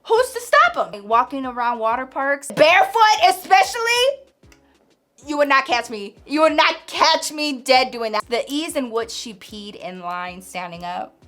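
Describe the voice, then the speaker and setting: A woman vlogger telling a casual storytime, animated and gossipy, slangy and blunt, acting out her friends' lines. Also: high-pitched, measured pace. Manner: slangy, blunt, swears freely.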